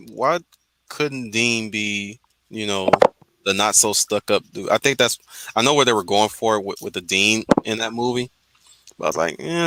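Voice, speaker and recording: A man's voice: fairly low pitch, sharp tone, poor audio. A man from Wisconsin chatting casually, rambling through his opinions with many restarts. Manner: rambling, restarts often while musing. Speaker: podcast host. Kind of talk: casual group chat.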